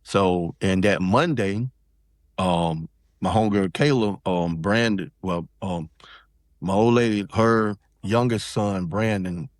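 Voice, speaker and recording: Low-voiced man telling a story. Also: takes it slowly, no room sound, studio quality. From South Carolina, US. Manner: loose, rambling, with many restarts and fillers. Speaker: podcast guest. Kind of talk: casual storytelling chat.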